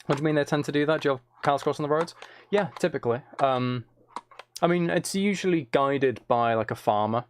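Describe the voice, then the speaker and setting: A man's voice: a little high, brisk, a little hiss or hum. A man chatting casually on a live stream, reading out viewers' messages and hesitating often.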